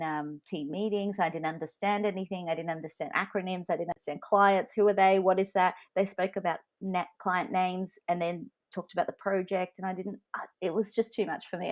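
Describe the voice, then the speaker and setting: Frank woman podcaster, lowish voice. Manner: candid, frank storytelling. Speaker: podcast co-host. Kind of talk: casual podcast chat.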